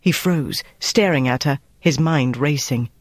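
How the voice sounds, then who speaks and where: A man reading a novel aloud in steady, measured scripted narration. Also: medium pitch, dry recording, studio quality. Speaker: audiobook narrator.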